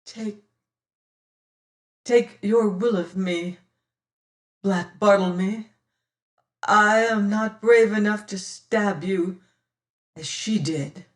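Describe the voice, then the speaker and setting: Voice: medium pitch, slow, a little mellow, echoey room, pitched above the performer's own voice, close to an everyday voice. A reader voicing a proud young woman pleading through tears in an audiobook. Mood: broken. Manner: pleading, breaking into sobs and whispers. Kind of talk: audiobook character reading.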